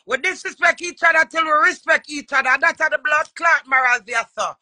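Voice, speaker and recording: Loud Jamaican woman ranting on a live stream. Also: high-pitched, fairly quick, hardly any pauses, no echo. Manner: loud, cursing, indignant. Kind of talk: heated live-stream rant. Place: home, phone live stream. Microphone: phone.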